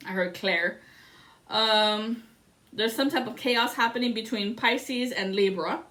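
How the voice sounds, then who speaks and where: A woman doing a casual tarot reading, telling a story in a rambling, excitable way and swearing often. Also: fairly high pitch, takes it slowly. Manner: rambling and profane. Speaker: tarot reader.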